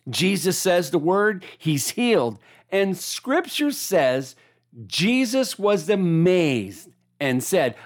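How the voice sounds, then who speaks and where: A preacher delivering a sermon, animated, asking listeners to repeat key lines back. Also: medium pitch, takes it slowly.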